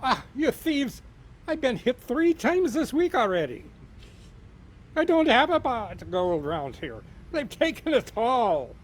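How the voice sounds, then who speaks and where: A man voicing a cheeky, tricky little male leprechaun with a put-on Irish brogue and a high, excited lilt. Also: measured pace, a little hiss or hum, exaggerated voice. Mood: aggrieved.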